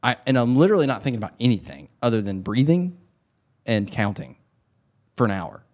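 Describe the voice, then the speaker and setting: A man's voice: medium pitch, sing-song, fairly quick, a little mellow. A man chatting casually, rambling with lots of fillers and restarts. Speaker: podcast host. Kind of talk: casual chat.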